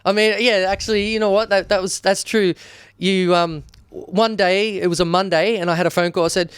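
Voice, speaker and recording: A man's voice: high voice, a little fast, clean tone, no room sound. An Australian man in his thirties, a wedding videographer, chatting casually as a guest and telling stories with animation and many restarts. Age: 30s. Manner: animated storyteller, lots of restarts. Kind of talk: casual chat.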